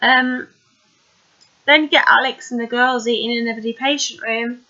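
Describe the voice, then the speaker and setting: A woman's voice: on the high side, fairly even intonation, a little slow, bright, forceful tone, muffled recording. A woman casually recapping a TV episode, chatty and rambling with plenty of fillers.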